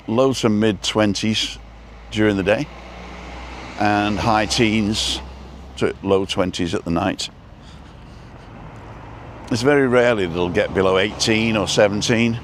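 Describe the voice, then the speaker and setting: Guy talking from his car on a live stream, lowish voice, wry, bit of road hum. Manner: chatty, wry, reads out viewer comments. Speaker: vlogger driving and filming. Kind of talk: casual live-stream chat while driving. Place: inside a car.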